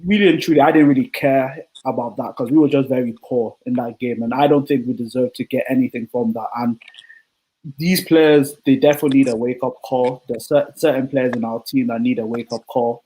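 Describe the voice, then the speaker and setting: A man's voice: mid-range voice, fairly even intonation, a little fast, mellow, poor audio. A man, a football fan on a casual podcast, rambling with many "like"s. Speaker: podcast co-host.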